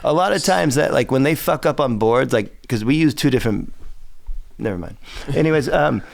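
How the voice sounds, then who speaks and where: A man in his forties with a gravelly, creaky voice, telling a long profane rant in casual chat. His pitch leaps around in an animated, lively way. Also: brisk. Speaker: guest, skateboarder and board designer.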